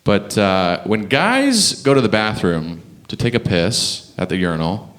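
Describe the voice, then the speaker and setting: Young Canadian stand-up, lowish voice with a lot of bounce, chatty delivery, laughs at his own jokes. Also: measured pace. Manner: chatty, animated, chuckling through his punchlines. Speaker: stand-up comedian. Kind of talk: stand-up comedy set. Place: comedy club stage.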